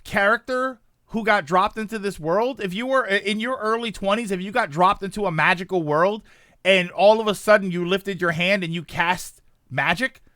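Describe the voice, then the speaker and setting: High, bright-voiced male streamer. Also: normal speed, no room sound, studio quality. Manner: animated, rambling, reads chat. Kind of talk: casual stream commentary.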